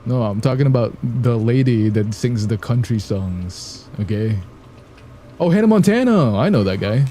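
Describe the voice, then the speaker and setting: A man's voice: fairly even intonation, moderate pace, slight background noise. A man chatting playfully to viewers, joking around and laughing often. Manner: playful and joking, sings snatches of songs badly on purpose; laughs often, gets loud and high when amused. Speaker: streamer reacting to videos. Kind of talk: casual chat to viewers.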